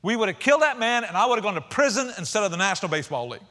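A man preaching a sermon, retelling a story with emphatic swings between loud outbursts and hushed, quiet passages. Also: high voice, sing-song, rapid-fire.

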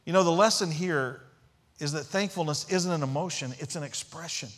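A man's voice: fairly high pitch, a little fast, fairly bright tone. A man preaching a sermon as pastor, emphatic, repeating key phrases and asking rhetorical questions.

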